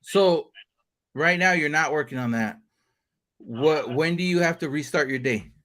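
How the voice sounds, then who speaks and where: A man's voice: on the high side, unhurried. A man hosting a live-stream chat, talking in a loose, profane, joking way and laughing often. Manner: animated, profane, laughing banter. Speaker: host of a livestream chat. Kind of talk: casual chat.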